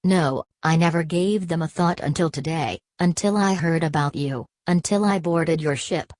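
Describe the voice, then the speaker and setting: A woman's voice: sits low, moderate pace, a little mellow, dry recording, natural voice. A woman reading as a nervous, deferential visitor. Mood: earnest.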